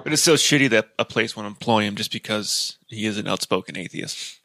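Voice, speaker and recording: A man co-hosting a casual podcast, chatting in a lively way and swearing casually. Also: on the low side, fairly quick, creaky, no echo. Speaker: podcast co-host. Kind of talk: casual chat.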